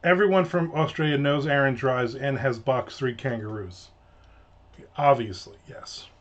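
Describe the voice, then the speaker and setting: A man's voice: medium pitch, unhurried. American guy rambling and joking through a livestream chat, kinda muffled lo-fi mic. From United States. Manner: rambling, jokey, trails off and restarts often. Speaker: livestream host. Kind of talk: casual livestream chat reading viewer comments. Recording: slightly dull lo-fi home mic.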